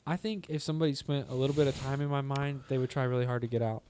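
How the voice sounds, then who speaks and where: A man's voice: mid-range voice, fairly even intonation, racing, a little mellow, smooth. A young man co-hosting a casual podcast, rambling goofily and saying "dude" a lot. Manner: rambling, goofy, says "dude" and "freaking" often. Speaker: podcast co-host.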